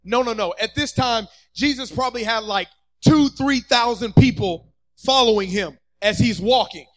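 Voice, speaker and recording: Preacher guy on a church stage, really high voice, gets fired up and shouts. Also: moderate pace, low-quality recording. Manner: fervent, builds to shouting, acts out quotes. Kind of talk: sermon.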